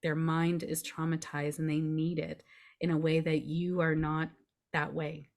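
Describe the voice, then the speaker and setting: Brief: low-pitched woman, grief coach, calm step-by-step explainer on a podcast. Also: unhurried. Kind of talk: podcast conversation.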